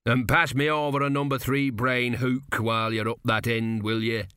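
A man reading an audiobook, voicing a weary, patient veteran male embalmer who speaks slowly. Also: mid-range voice, flat delivery, sharp tone, clean tone, dry recording, clean studio sound, lightly acted. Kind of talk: audiobook character voice.

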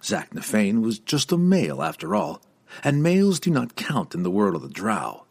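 A man voicing a stoic, defiant male dark elf warrior who speaks calmly and sarcastically, in an audiobook. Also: medium pitch, moderate pace, gravelly, slightly rough, heavily acted. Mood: reasoning. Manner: calm, controlled, sarcastic.

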